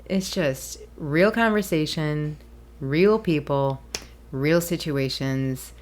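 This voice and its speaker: Woman, low voice, solo podcast host, rambling and chatty, laughs easily. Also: slow. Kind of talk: casual solo podcast monologue.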